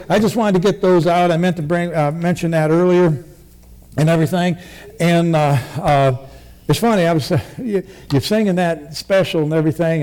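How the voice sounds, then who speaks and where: A man's voice: a little high, dark tone. A man giving his testimony as a lay preacher in church, folksy and joking, with a rambling manner.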